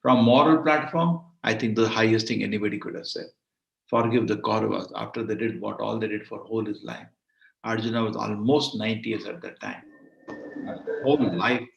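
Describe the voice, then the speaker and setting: A man's voice: on the low side, normal speed, creaky, highs cut off. A man teaching a devotional scripture class, speaking emphatically and repeating phrases for stress over an online call. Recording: roomy echo.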